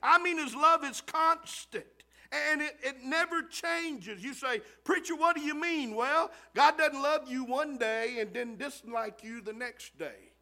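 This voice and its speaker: A man's voice: extremely high pitch, a little slow, few pauses, pushed and bright. A man preaching a sermon, repeating phrases and asking the congregation "Amen?". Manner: repetitive call-and-response preaching, asking "Amen?".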